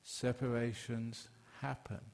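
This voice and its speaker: An older man from England gives a Buddhist dharma talk to a gathered audience. His voice sits at an ordinary middle pitch, and he talks in a relaxed, joking way. He jumps sharply upward for emphasis, then drops back low and quiet. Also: takes it slowly, gravelly. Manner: humorous, conversational, emphatic with sudden rises in pitch.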